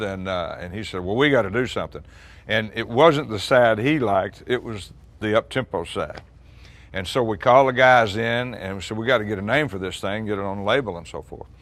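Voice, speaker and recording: A man in his sixties, a musician recounting an old recording session in relaxed, chatty storytelling. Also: fairly low pitch, fairly quick. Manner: chatty, acts out quoted dialogue, frequent restarts and laughs.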